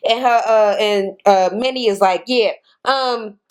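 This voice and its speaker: A woman's voice: mid-range voice, a little slow, clear, resonant tone. A woman recapping a reality show in a casual, chatty way, blunt and swearing freely, with lots of "you know" and "uh".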